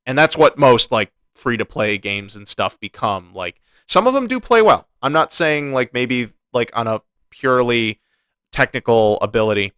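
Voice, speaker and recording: A man co-hosting a casual gaming podcast, ranting in a frustrated, animated way with many restarts. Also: medium pitch, normal speed, smooth, no room sound. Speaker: podcast co-host.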